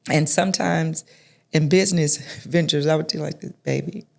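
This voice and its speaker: Casting: middle-aged woman, gravelly, reflective interview guest. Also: low voice, steady tone, normal speed. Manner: reflective, soft-spoken, many restarts. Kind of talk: conversational storytelling.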